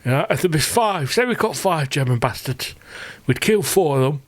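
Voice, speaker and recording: Casting: man putting on a bragging grandfatherly old veteran, higher voice. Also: lively intonation, moderate pace, dry recording. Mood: boastful. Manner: boastful, calls listener love.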